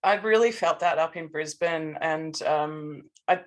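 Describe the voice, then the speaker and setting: An Australian woman co-hosting a podcast in casual chat, halting and restarting her sentences often. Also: sits low. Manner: halting, many restarts and fillers. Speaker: podcast co-host.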